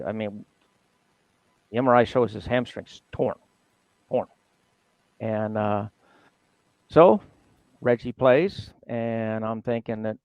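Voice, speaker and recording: A man's voice: mid-range voice, gravelly, no echo, highs cut off. Older guy telling locker room stories, laughs a lot, dry close mic. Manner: animated storyteller, laughs often, mimics others. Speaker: retired athletic trainer, guest. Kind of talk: casual storytelling interview.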